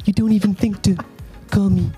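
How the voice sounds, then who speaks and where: A man doing an impression of a male film star playing a mafia boss, slow and menacing. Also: high voice, flat delivery, mellow, soft background music, voice pushed up, close to an everyday voice.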